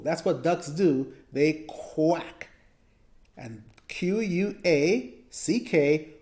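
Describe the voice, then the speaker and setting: Slow, encouraging woman teaching phonics. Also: deep voice, animated, a little mellow. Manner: slow, encouraging, sounds out words and repeats them. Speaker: reading teacher. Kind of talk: phonics lesson for parents and children.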